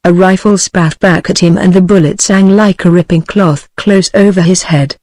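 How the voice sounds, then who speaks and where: A synthetic text-to-speech voice of a woman with a British English accent, narrating a novel in a steady, even, machine-like delivery. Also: fairly low pitch, moderate pace, no room sound, poor audio. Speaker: audiobook narrator.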